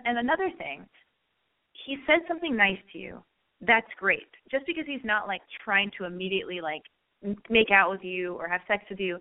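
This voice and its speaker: A woman hosting a radio advice segment, talking in a blunt, animated way and swearing as she gives a caller a pep talk. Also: medium pitch. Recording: phone-like narrow band.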